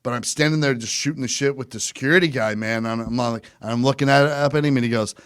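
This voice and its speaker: Man, podcast co-host, casual profane storyteller, mid pitch, dry close mic. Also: fast, a bit bright, smooth, dry recording. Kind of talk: casual chat.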